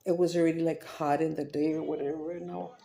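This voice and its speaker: A woman's voice: low-pitched, flat delivery, quick pace, vocal fry, dark tone, a little hiss or hum. A middle-aged woman chatting casually on camera at home during a meal, rambling from topic to topic, swearing offhandedly and slipping into Spanish. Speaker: mukbang vlogger. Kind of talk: casual chat while eating on camera. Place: at home, indoors.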